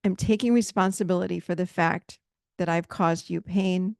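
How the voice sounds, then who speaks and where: A woman's voice: fairly low pitch, fairly even intonation, moderate pace, gravelly, a little mellow, no room sound, clean studio sound. A woman hosting a podcast, giving relationship advice in a direct, emphatic, conversational way. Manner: emphatic, direct, conversational, addresses listeners as "you guys". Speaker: podcast host and relationship coach. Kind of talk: solo podcast advice talk.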